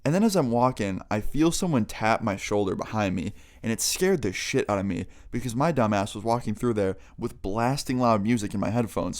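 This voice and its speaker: A young man, a vlogger, telling a casual story time, chatty and profane. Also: lowish voice. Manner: rapid, profane, chatty retelling.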